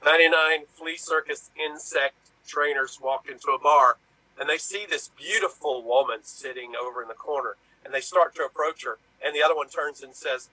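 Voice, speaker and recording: A man plays an improv pun game, tossing off quick bar-joke setups. His voice is bright and forceful, pitched slightly high. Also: low-quality recording. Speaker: improv player.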